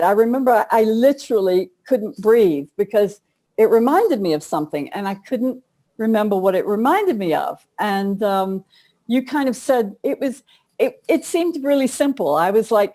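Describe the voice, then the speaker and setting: A middle-aged woman author and coach speaks in a warm, mellow voice. She tells her stories in a chatty, easygoing way. Her pitch sits in the middle of the usual range. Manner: chatty storyteller, laughs often. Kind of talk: casual interview conversation.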